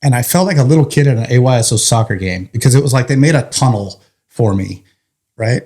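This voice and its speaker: A firefighter telling a story as a guest in an interview, animated, laughing through the funny parts and swearing casually. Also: male voice, mid-range voice, quick pace.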